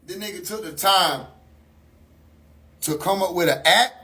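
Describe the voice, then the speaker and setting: High-voiced man ranting on a livestream. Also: measured pace, sharp tone, husky. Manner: incredulous, mocking, swears constantly, repeats questions for effect. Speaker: livestream host. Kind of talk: profane comedic rant on a livestream.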